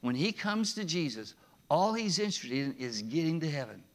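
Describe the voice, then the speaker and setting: A man preaching a sermon in a conversational, animated way, with rising emphasis and frequent chuckles. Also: fairly high pitch, normal speed. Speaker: pastor.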